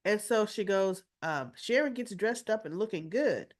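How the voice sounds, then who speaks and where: A woman of middle pitch talks through the week's soap episodes in a loose, chatty way. She gives her opinions freely and slips into the characters' lines as she retells them. She sounds a little winded. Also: animated, moderate pace. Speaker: soap opera recap host.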